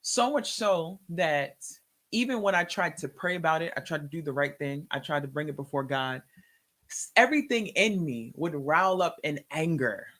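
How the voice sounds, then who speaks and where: A woman telling an emotional personal testimony in a conversation, animated and acting out the words in quotes. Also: low voice, moderate pace. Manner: animated, acts out her own and others' words in quotes. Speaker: guest sharing a testimony.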